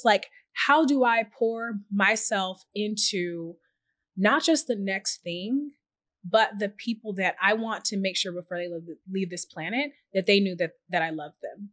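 A woman guest on a podcast, talking earnestly and reflectively with lively quoted asides. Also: medium pitch, moderate pace, dry recording. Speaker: podcast guest, tech journalist and founder. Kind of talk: reflective conversational interview.

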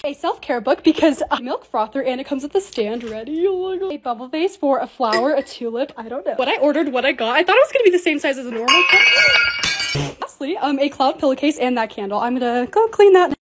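A woman's voice: high-pitched, heavy background noise. A young woman narrating her own videos as a creator, bubbly and gushing as she shows off things she bought. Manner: bubbly, gushing, quick and excitable. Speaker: TikTok creator. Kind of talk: casual vlog voice-over.

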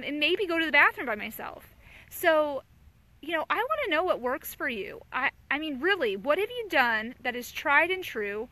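Thirtysomething mom doing a casual live chat, high voice, chatty and candid, answering viewer comments. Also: female voice, sharp tone, slight background noise. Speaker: mother hosting a live chat.

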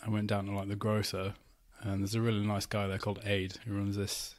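Low-voiced man, playful chatty guest. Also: monotone, a little fast. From Yorkshire. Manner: playful, jokey storyteller. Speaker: guest composer. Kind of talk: casual chat. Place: home flat.

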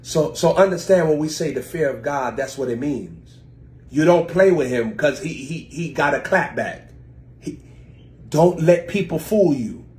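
A US man preaching on a livestream is animated as he reads scripture slowly and follows it with chatty explanations for his viewers. Sudden swings in pitch and loudness mark his delivery.

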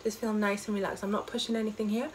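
A woman choir leader, teaching an online vocal warm-up from home and demonstrating high sung notes. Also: flat delivery, fast talker, slight background noise. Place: home during lockdown.

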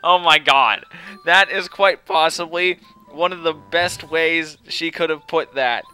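A man's voice: fairly high pitch, a little slow, sharp tone, smooth, faint music behind. A man hosting a video game let's play, chatting casually and laughing easily as he rambles.

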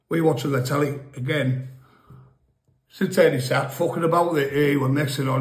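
His voice is fairly high and a little fast as he recounts funny, meandering stories about his past, swearing and laughing as he goes. He's a guest storyteller, captured in an echoey room.

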